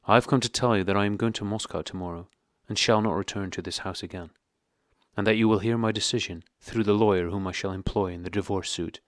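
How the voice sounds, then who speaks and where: A man voicing a squeaky, furious cold husband. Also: fairly even intonation, fast, dry recording, studio quality, lightly acted. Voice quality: squeaky, higher than usual. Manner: angry, clipped, coldly emphatic. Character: stiff, cold middle-aged husband, furious. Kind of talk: audiobook character reading.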